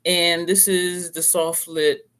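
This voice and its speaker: A beauty vlogger talks through their makeup in a loose, chatty way, often stopping to correct a product name. The voice sits at a middle pitch, and playful asides and small laughs come up now and then. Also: level tone, takes it slowly, a bit bright. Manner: chatty, rambling product rundown with self-corrections. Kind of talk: casual makeup review chat.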